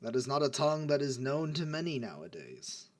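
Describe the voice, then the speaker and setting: A man's voice: mid-range voice, sing-song, fairly quick, close to an everyday voice. A man voicing an old male giant who speaks in formal, grave warnings.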